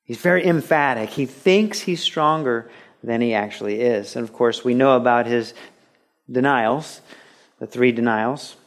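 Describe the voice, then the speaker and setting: A man preaching a radio sermon, earnest and conversational, dropping low and soft, then rising into lively storytelling. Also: measured pace. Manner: earnest and conversational, with repeated restarts; swings between a quiet, intimate tone and lively, raised storytelling. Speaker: pastor.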